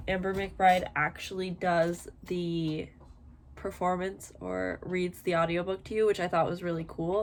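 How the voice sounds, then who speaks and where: A woman's voice: medium pitch, slight background noise. A woman in her twenties chatting casually in a book vlog, rambling with lots of fillers. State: tired, yawning. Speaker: book vlogger.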